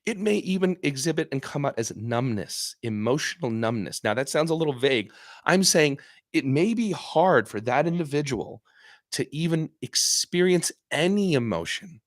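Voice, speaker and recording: A man's voice: fairly high pitch, animated, normal speed, no room sound, studio quality. Earnest man hosting a live stream. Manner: earnest, emphatic, repeats and restarts phrases; acts out patient voices in quotes. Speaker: psychiatrist host answering viewer questions. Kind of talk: casual live-stream talk.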